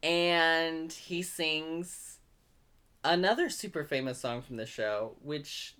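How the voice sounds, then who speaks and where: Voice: medium pitch, pushed and bright, smooth. A young adult podcast co-host casually recapping a movie plot in a chatty, joking way. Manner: chatty, joking, slow, loose retelling.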